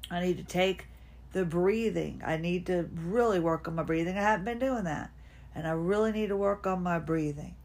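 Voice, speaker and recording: A woman in her fifties talks at home in an unscripted personal monologue. Her voice sits a little low. She wanders between thoughts and sometimes coaches herself aloud. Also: vocal fry, a little mellow. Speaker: podcast host. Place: at home, seated.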